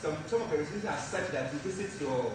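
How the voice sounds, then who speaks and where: A high-voiced man asks his question haltingly from far off the mic. His words echo heavily through the hall over steady background noise. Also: over music. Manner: hesitant, halting with restarts. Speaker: audience member asking a question. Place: large hall. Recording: distant, echoey hall with noise.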